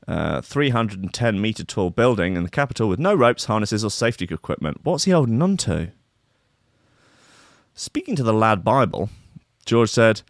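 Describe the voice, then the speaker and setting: A man's voice: lowish voice, fairly bright tone, no room sound, studio quality. A man hosting a show, reading out news stories and mocking them with rambling, sweary sarcasm. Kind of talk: casual comedic news commentary.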